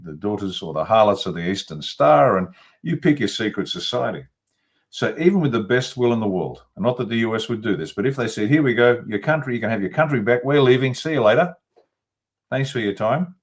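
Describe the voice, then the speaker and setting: A man, giving blunt political commentary as an interview guest over a video call, piling up long emphatic lists. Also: fairly low pitch. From Australia.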